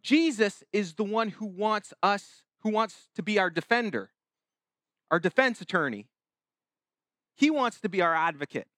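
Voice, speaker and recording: A man's voice: high voice, expressive, measured pace, fairly bright tone, dry recording, clean studio sound. A male pastor preaching a sermon in a conversational way, restarting phrases and acting out quotes.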